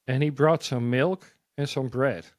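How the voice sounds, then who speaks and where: A man sharing a personal testimony as a guest, halting and repeating words as he tells his story. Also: mid-range voice, steady tone, no echo.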